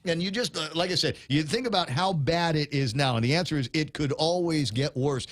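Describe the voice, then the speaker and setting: A man's voice: fairly high pitch, brisk, no room sound. A man hosting a morning radio talk show from the studio, rambling casually with fillers, restarts and chuckles. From Guam. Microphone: studio mic.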